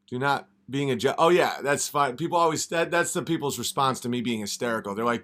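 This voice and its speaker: A man's voice: medium pitch, fairly quick, few pauses, a bit bright. A man hosting a podcast in a rambling comedic rant, often restarting mid-sentence. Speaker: podcast host.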